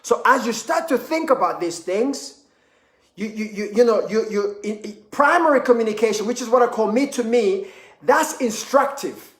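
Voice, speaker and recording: A man giving an energetic motivational talk, often repeating words and acting out cheerful quoted voices. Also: sits high, normal speed, echoey room. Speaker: motivational speaker.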